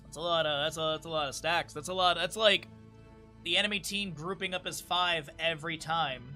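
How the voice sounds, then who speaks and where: Upbeat, bright-voiced male stream caster. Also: a little high, steady tone, brisk, faint music behind. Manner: casual, upbeat and jokey, chatting with viewers. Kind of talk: live-stream game commentary.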